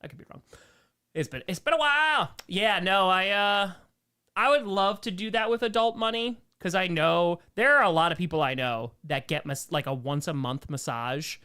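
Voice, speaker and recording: A man's voice: high voice, normal speed, bright, forceful tone, clean tone. A young man hosting a casual livestream Q&A, reading comments aloud with sarcastic jokes and frequent laughs. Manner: joking, sarcastic, laughs often. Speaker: streamer hosting a members Q&A.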